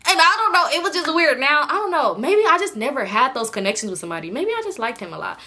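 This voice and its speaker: A young woman spins a casual storytime in a bright, forceful voice pitched a little high. She talks in slang and acts out everyone she quotes. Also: big pitch swings, fast talker. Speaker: storytime YouTuber.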